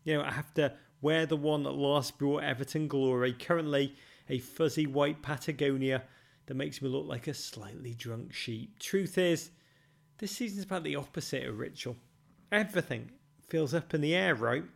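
A man's voice: on the high side, normal speed, gravelly. A man hosting a football podcast, answering listener questions with dry, self-mocking humour and theatrical flourishes. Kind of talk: wry, theatrical monologue.

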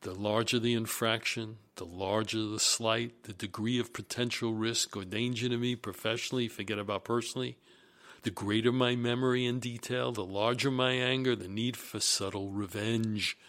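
A man who is a business executive, telling career stories in a deliberate, emphatic and animated monologue. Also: fairly low pitch. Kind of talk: storytelling monologue.

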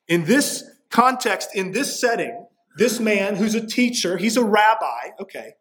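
Conversational preacher, a man with a higher voice. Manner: conversational preaching, frequent "right?" asides, acts out quoted voices. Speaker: pastor. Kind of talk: sermon.

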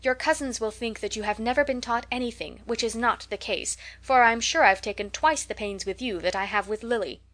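A woman's voice: fairly high pitch, brisk, hardly any pauses, a bit bright, close to an everyday voice. A woman voicing a fussy, scolding, fashion-minded society matron in an audiobook reading, prim and nagging.

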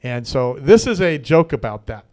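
A man with a mid-range, slightly dark voice and a sing-song lilt hosts a local radio talk show, speaking at a moderate pace. In the studio he spins a rambling joke full of fillers and asides, the loose style of casual radio chat.

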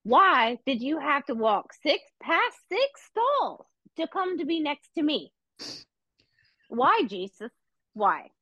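A woman with a fairly high voice tells rambling stories in casual chat, animated and profane, laughing as she goes. The sound is dry and close, a little dull and lo-fi. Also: slow pace, no room sound. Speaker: podcast host.

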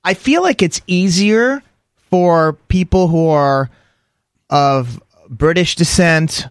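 A man's voice: a little high, takes it slowly, clean tone, no room sound. Chatty male radio co-host, dry mic. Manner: chatty, storytelling, animated asides. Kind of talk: morning radio chat.

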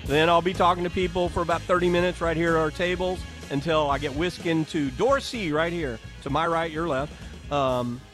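A man's voice: on the high side, steady tone, a little fast, fairly bright tone, faint music behind. A man hosting a live radio talk show from a home and garden show, chatting, joking and reading ads.

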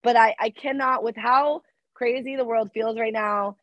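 A woman co-hosts a podcast in casual chat, her voice a little high and worn down by sickness. She talks emphatically and repeats herself for emphasis. The sound is dry and somewhat dull. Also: steady tone, moderate pace, no echo. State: sick voice. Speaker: podcast co-host.

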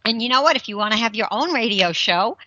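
A woman's voice: a little high, expressive, fast, bright, forceful tone, no echo, lo-fi sound. A middle-aged woman hosting her own radio talk show, chatting casually and asking incredulous rhetorical questions.

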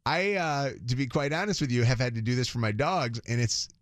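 A man's voice: medium pitch, expressive, a little fast, a crowd in the background. A man from the Detroit area hosting a morning radio show, telling a story in a rambling, chatty way and laughing often. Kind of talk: casual morning radio chat.

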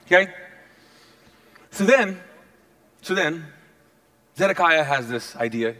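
Male preacher, high voice, animated and playful storyteller. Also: takes it slowly, pauses often. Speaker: pastor. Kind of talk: sermon.

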